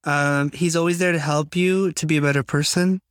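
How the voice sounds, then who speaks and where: Easygoing man, a bit high, dry close mic. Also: fairly even intonation, moderate pace, no room sound. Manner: rambling, self-correcting, easygoing. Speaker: podcast co-host. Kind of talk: casual chat.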